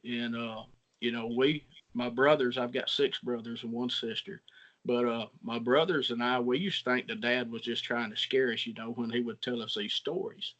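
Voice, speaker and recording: A man from Alabama, a guest on a radio show, talking over a video call in a soft-spoken, hesitant way with many fillers. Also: medium pitch, steady tone, normal speed, lo-fi sound. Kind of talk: casual radio interview.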